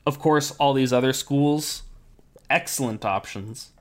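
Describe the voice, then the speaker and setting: A man hosting a casual podcast chat, explaining things in a relaxed way with many fillers while his voice is going hoarse. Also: mid-range voice, unhurried. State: losing his voice. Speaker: podcast host.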